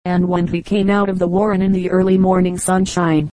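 Woman reading fables aloud, low steady voice, pretty flat, dry close sound. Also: a little fast, no room sound, low-quality recording. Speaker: audiobook reader. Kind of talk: scripted storybook narration.

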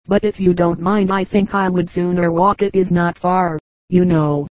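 An earnest, well-spoken young girl, kind and eager to help, read by a woman. The voice sits low and stays flat, with little rise or fall. The sound is dry and close. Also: moderate pace, dry recording, lightly acted, poor audio.

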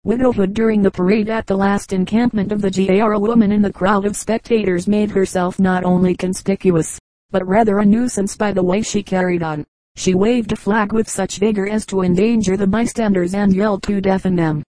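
A woman narrates old humorous anecdotes in a measured, even way. Her voice is mellow and warm, and the recording is close and dry, with no room sound behind her. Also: medium pitch, dry recording, poor audio. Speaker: audiobook reader.

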